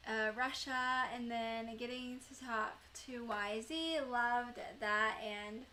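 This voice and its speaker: Young female streamer, casual chatty delivery with fillers, unhurried pace, bright tone. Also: a little high, fairly even intonation, a little hiss or hum. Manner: chatty, rambling, many fillers and laughs. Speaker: live streamer. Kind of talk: casual chat with live chat viewers.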